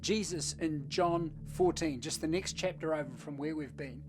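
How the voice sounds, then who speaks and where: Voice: medium pitch, moderate pace. Conversational pastor over background music. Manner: conversational, storytelling. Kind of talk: short devotional message.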